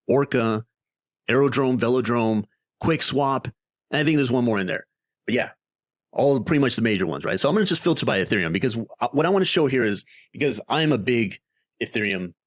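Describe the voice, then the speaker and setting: A man explains his investing strategy on a screen-share in a lively, chatty way. His pitch swings widely as he talks, and the recording is dry and close, with no room sound. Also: no echo. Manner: animated and conversational, with many tag questions. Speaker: crypto investing video host.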